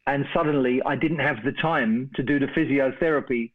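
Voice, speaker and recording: A middle-aged English man spins a long, animated anecdote and slips into the voices of the people in his story. His voice comes through a narrow, tinny phone line. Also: medium pitch, moderate pace. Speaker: guest storyteller. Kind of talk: casual anecdote on a phone call.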